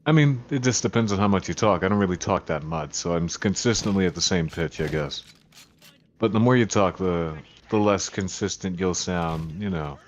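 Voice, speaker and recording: A man's voice: deep voice, normal speed. A man who voice acts for the game, chatting laid-back and briefly on a stream. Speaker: voice actor friend on stream. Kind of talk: casual side chat. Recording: dull distant sound with faint noise.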